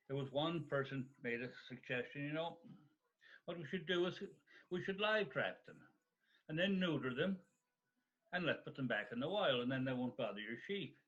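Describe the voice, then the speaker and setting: An older man spins a rambling rural yarn in an easygoing, folksy way at a middle pitch. The sound is dull, like lo-fi video call audio. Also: fairly bright tone. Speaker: guest storyteller. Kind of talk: casual spoken anecdote.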